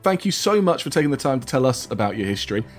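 A man's voice: medium pitch, big pitch swings, fast talker. Male podcast host, faint music behind. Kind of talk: podcast interview and outro.

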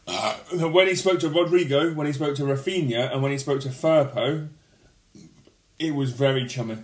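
A man co-hosting a casual chat, with a mid-pitched voice that carries a roomy echo. He tells stories and slips into other people's lines as he goes. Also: normal speed. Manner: storytelling, acts out others in quoted voices. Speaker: podcast co-host.

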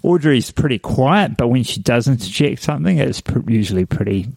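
A man's voice: medium pitch, animated, fairly quick, gravelly, a little mellow, slightly rough, no room sound. A man hosting a podcast, talking casually and rambling, with plenty of fillers. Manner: rambling and chatty, with many fillers and laughs. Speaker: podcast host. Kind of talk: casual chat.

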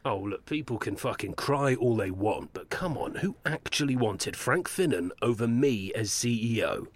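An actor playing a smug, posh, arrogant football club chief executive in a comedy audio drama, sweary and gloating. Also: male voice, mid-range voice, expressive, moderate pace, no echo, lightly acted. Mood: boastful.

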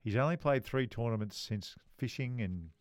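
A middle-aged Australian man chats on a podcast and tells stories with a ready laugh. His voice is smooth and resonant, with a dry, close sound and no room around it. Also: mid-range voice, dry recording. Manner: lively storyteller, quick to laugh. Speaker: podcast co-host. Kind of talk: casual chat.

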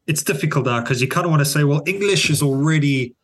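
A South African-accented podcast co-host thinks aloud during a casual chat, often restarting his sentences and trailing off thoughtfully. He speaks a little fast in a fairly high, somewhat bright voice.

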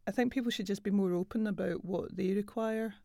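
Woman guest, measured and thoughtful, dry close mic. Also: medium pitch, steady tone, dark tone, no echo. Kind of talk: casual chat.

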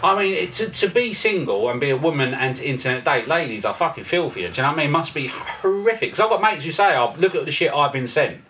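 A man's voice: fairly high pitch, animated, fast, hardly any pauses, sharp tone, distant mic, slight background noise. A man co-hosting a podcast, telling stories in casual, sweary banter and laughing often. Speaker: podcast co-host.

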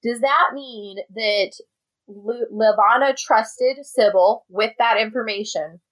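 A woman's voice: on the high side, slow pace, poor audio. A woman co-hosting a podcast, chatting casually about a novel and laughing often. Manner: chatty, laughs often, reads passages aloud. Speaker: podcast co-host. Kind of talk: casual book discussion.

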